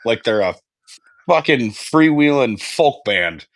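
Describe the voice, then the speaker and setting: A man's voice: mid-range voice, lively intonation, slow, fairly bright tone, no echo. A man hosting a sports podcast in casual chat, rambling and swearing freely. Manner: rambling, profane, self-correcting. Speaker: podcast host.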